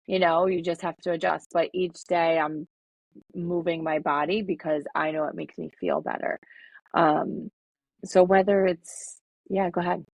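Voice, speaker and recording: A woman co-hosting a podcast, talking in a relaxed, rambling way with lots of fillers. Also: fairly low pitch, a little slow, creaky, no echo, poor audio. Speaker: podcast co-host. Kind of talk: casual podcast chat.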